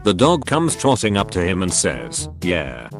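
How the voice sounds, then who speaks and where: Male narrator, low and lively, deadpan joke reading, faint music underneath. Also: normal speed. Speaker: narrator reading Reddit posts. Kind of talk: scripted narration of jokes.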